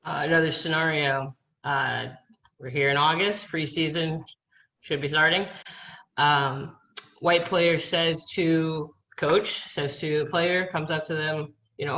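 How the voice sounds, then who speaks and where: A woman's voice: low voice, fairly even intonation, unhurried, fairly bright tone, dull audio. A woman who coaches college field hockey, talking in an earnest panel discussion and asking rhetorical questions. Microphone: video call.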